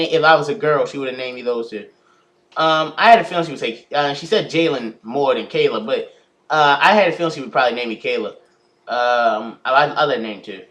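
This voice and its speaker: A teenage guy with a fairly high voice that rises and falls a lot as he talks. He reads each question aloud, then answers with plenty of hesitant pauses, chatting casually straight to his viewers in a vlog. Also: lively intonation, sharp tone. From United States. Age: teens. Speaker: YouTuber.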